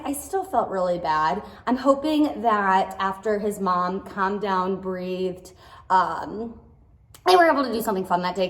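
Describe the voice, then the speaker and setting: Woman in her thirties, high lively voice, chatty storyteller, roomy echo. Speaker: playroom business owner. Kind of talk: storytime vlog. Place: indoor playroom, at her desk. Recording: echoey indoor room.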